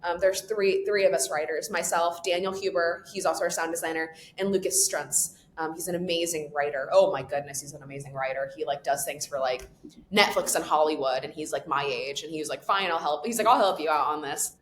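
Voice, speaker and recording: A woman with a fairly low voice talks as an interview guest. She is animated and expressive and laughs easily. Her words ring a little in a roomy, echoey space. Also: fairly quick, a little hiss or hum. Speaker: podcast creator and guest. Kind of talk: conversational interview answers. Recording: echoey room.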